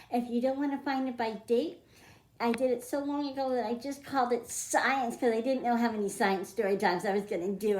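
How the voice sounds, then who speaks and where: A children's librarian reading a picture book aloud to young children, speaking gently and addressing them directly. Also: female voice, mid-range voice. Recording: echoey room.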